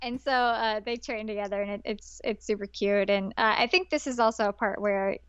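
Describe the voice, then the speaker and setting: A woman's voice: medium pitch, a little fast, clean tone, no echo, highs cut off. A woman co-hosting a podcast, recapping an anime episode in casual chat and acting out the characters' lines as she goes. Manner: animated, acts out characters' lines with laughs. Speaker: podcast co-host.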